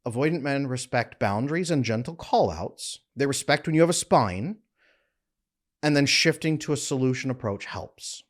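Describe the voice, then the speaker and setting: A middle-aged relationship coach talks straight to camera in a blunt, emphatic way. His mid-range voice jumps up often to drive points home. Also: normal speed. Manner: emphatic, blunt, animated with frequent pitch jumps. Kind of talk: direct-to-camera advice talk.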